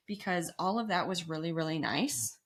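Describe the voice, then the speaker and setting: A young adult woman co-hosting a podcast, chatting casually and telling stories with animated sarcasm. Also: on the low side, normal speed. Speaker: podcast co-host. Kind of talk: casual chat.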